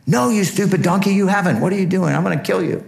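A man voicing an angry ancient prophet who yells at his donkey and scorns it, in a Bible story retold during a sermon. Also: high voice, quick pace, gravelly, reverberant, voice pushed up. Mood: furious. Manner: yelling, scornful.

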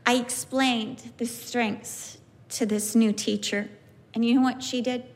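A former kindergarten teacher, a woman, telling stories about her class in an animated way, acting out her pupils' voices. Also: fairly high pitch, unhurried. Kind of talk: personal storytelling.

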